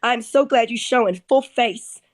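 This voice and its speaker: A woman with a high voice speaks angrily, tripping over her words in quick restarts. Her voice sounds close and dry, with no room around it. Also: dry recording. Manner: angry, rapid, stumbling restarts. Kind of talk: heated live-stream talk.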